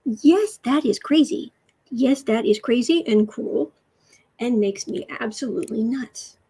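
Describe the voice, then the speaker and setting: Husky-voiced American woman livestreaming. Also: fairly high pitch, unhurried, warm tone. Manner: exasperated, reads headlines aloud, coos to her cat. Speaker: livestream host. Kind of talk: casual political livestream chat.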